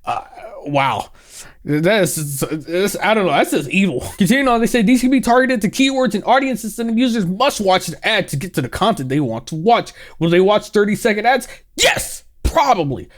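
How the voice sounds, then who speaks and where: A young man ranting sarcastically in casual commentary, exaggerated and quick to laugh. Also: high-pitched, animated. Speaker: gaming commentary youtuber.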